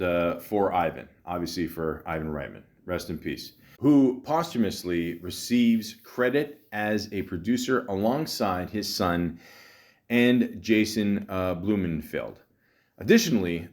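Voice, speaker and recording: A man with a fairly low voice hosts a solo podcast movie review. He rambles and swears freely, stumbling over repeated words as he restarts his sentences. He keeps turning to his listeners as ladies and gentlemen. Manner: rambling, profane, stammering restarts. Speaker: podcast host.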